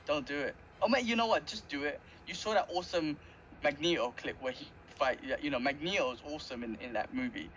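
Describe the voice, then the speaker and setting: In a fairly high, slightly bright voice, this man talks quickly as he co-hosts a podcast, laughing a lot during an easygoing chat about cartoons. Faint background noise sits under slightly dull audio.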